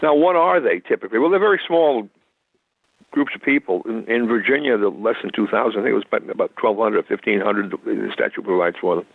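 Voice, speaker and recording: A man's voice: lowish voice, fast talker, vocal fry, dry recording. A man from the United States, a constitutional attorney, explaining law in an interview in a methodical, lecturing way with frequent restarts. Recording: tinny phone line.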